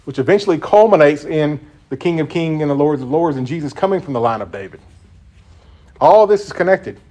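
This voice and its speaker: A man's voice: a little high, animated, a little fast, mellow. Een man met een Zuidelijk Amerikaans die een informele Bijbelstudie leidt, praat en legt met nadruk uit en stelt zijn groep vragen. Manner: conversational, emphatic, asks the group questions. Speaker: Bible teacher. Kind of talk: informal Bible study teaching.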